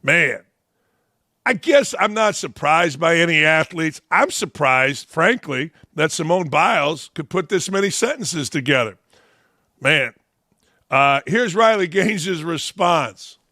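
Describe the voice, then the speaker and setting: A man's voice: fairly high pitch, animated, slow, sharp tone, dry recording, clean studio sound. Blunt, mocking man host. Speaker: sports talk show host. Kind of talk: opinion rant.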